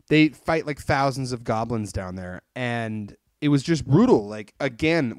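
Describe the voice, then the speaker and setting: A man hosting a casual podcast, retelling an anime plot in an animated, rambling way and swearing freely. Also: mid-range voice, dry recording. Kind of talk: casual chat reviewing an anime.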